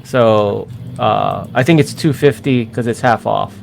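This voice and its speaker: A man's voice: on the low side, a little slow, vocal fry, slight background noise. A man co-hosting a casual chat over a video call, chatty and laughing often. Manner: chatty, laughs often, sharing his screen. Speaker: podcast co-host.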